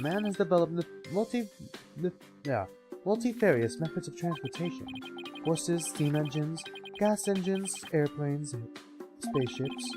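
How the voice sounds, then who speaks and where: A woman doing a nerdy lecturing male inventor. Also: low-pitched. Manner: self-described nerd voice, lecturing. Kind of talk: reading game dialogue aloud on a livestream. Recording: game music playing behind.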